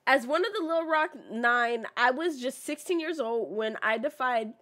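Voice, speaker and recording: A woman's voice: high-pitched, moderate pace, a bit bright. A woman streamer chatting casually while playing and reading signs aloud, often stumbling and restarting mid-sentence.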